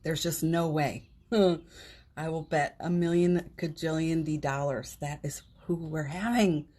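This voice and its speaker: A woman hosts a home livestream, speaking on her phone in a casual, inspirational way that's heartfelt and rambling, full of fillers and restarts. Her voice sits low and husky with a darkish tone, and she talks slowly and steadily.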